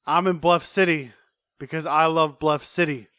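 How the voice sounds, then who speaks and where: A man's voice: fairly high pitch, steady tone, normal speed, sharp tone, clean tone, dry recording, clean studio sound. A man voicing a brash male pro wrestler cutting a rhythmic, rhyming trash-talk promo. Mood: swaggering.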